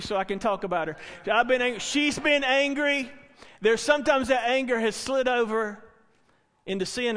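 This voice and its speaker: Middle aged baptist preacher guy, earnest, repeats himself, high voice, big church echo. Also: fairly bright tone. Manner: earnest, repetitive, asks the congregation questions. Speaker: Baptist pastor. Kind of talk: sermon. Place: church sanctuary. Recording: long hall reverb.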